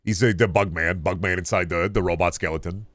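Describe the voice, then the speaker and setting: A man's voice: deep voice, steady tone, brisk, fairly bright tone, dry recording. A man streaming a video game, chatting in a rambling, jokey way with plenty of swearing. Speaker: gaming streamer. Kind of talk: casual stream chat.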